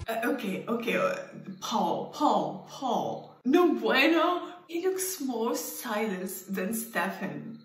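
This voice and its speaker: A woman's voice: medium pitch, slow, hardly any pauses, recorded from a distance. A woman hosting a reaction video, gushing and laughing as she comments casually. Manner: giggly, gushing and excitable. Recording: roomy sound with loud background music.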